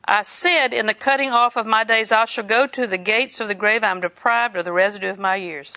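A woman's voice: medium pitch, steady tone, brisk, bright, forceful tone. A woman preaching a sermon, reading scripture in a conversational way and laughing often.

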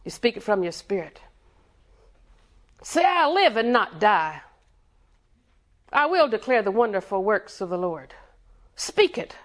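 A woman's voice: medium pitch, sing-song, a little slow, pauses often. A woman preaching a sermon with rhythmic repetition, quizzing her congregation and chuckling between points.

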